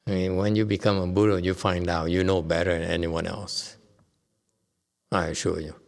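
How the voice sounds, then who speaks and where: A man's voice: low-pitched, flat delivery, moderate pace, vocal fry. A Buddhist master from Vietnam giving a dharma lecture in a temple hall, joking and conversational, often checking in with his listeners. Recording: long reverb in a hall.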